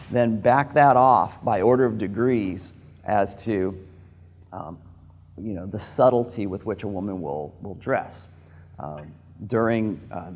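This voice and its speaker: A man's voice: medium pitch, darkish tone. A man giving an informal, frank lecture to a group in a loose, digressive way. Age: adult with a daughter.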